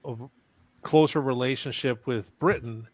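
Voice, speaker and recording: A man's voice: mid-range voice, dry recording. Dry-sounding man making a careful point. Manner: measured, explaining his point at length. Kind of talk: casual group chat.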